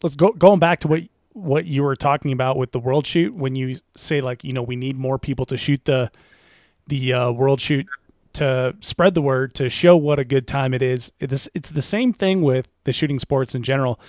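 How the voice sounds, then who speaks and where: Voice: mid-range voice, normal speed, a little mellow, dry recording. A podcast host chatting casually with a guest, mostly giving brief agreeing replies. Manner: brief affirming interjections. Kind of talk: casual conversational interview. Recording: dry close podcast mic.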